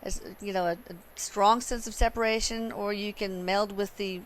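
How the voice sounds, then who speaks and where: A woman's voice: mid-range voice, steady tone, moderate pace. A woman hosting a casual interview, giving brief affirmations and asking playful follow-up questions. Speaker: host.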